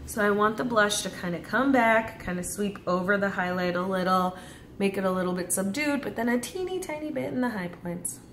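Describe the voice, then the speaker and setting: A woman chatting playfully as she talks through her makeup routine in a casual tutorial. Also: mid-range voice. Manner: chatty and playful, talking through each step. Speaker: beauty vlogger. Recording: echoey room with background noise.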